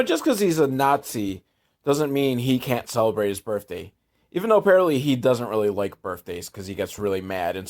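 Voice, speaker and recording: In this irreverent, sarcastic movie recap played for laughs, the man mixes deadpan asides with abrupt pitch jumps to stress his points.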